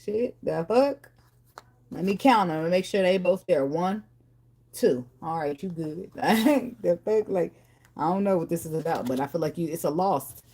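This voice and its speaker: A woman's voice: lowish voice, moderate pace, mellow, breathy edge. A woman giving a casual tarot reading in a blunt, profane, talkative way. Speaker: tarot reader.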